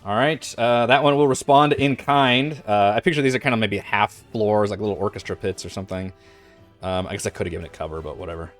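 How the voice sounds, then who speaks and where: A man's voice: on the low side, fast talker, faint music behind. A man running an online tabletop game as game master, talking casually and thinking aloud with many fillers.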